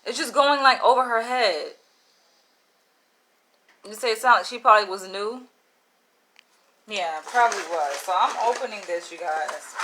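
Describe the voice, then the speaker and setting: A woman vlogger telling a casual story in an animated, exasperated way, peppered with slangy "yo". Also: medium pitch, a little slow, pauses often, slight background noise, rough recording.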